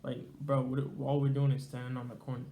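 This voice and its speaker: A man's voice: medium pitch, monotone, fast talker, warm tone, reverberant. A young man telling a casual, slangy, rambling story to his viewers. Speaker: storyteller vlogger.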